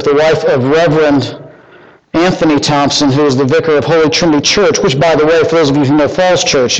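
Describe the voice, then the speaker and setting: Earnest preaching man, slightly high voice. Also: low-quality recording. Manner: earnest preaching with rhetorical questions and repetition. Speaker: pastor. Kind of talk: sermon.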